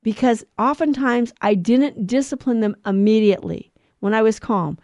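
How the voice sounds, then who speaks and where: A woman's voice: on the high side, moderate pace, darkish tone, no echo. A middle-aged woman giving an earnest religious teaching talk on family life, stressing points by repeating words. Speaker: Catholic speaker on family life.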